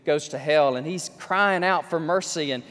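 A man's voice: on the high side, normal speed, a bit bright. A man preaching an emphatic sermon full of rhetorical questions, in a large church hall. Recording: long hall reverb.

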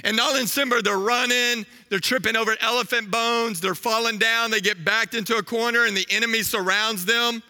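A man in his thirties preaching a sermon, telling a story with animated energy and asking the crowd questions. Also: very high voice, fairly quick, few pauses, in a large hall.

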